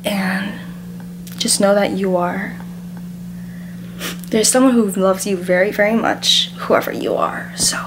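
A woman's voice: medium pitch, fairly even intonation, noisy background. A woman talking casually to the camera, teary and hesitant, often stopping and restarting. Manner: halting, hesitant and soft-spoken. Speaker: cover singer.

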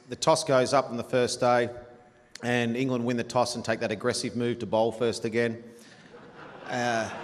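A man's voice: medium pitch, a bit bright. A man in his forties with an Australian accent, telling a chatty, blunt, profane sporting anecdote to a dinner audience and laughing along. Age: 40s. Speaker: guest storyteller. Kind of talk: after-dinner anecdote on stage. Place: large dinner hall. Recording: reverberant hall, faint room noise.

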